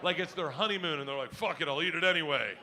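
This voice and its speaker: A middle-aged man doing stand-up, telling stories in a loud, crude, animated way that breaks into shouts. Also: a little high, fast. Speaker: stand-up comedian. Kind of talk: stand-up storytelling. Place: comedy club stage before a live audience. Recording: live room noise from the crowd.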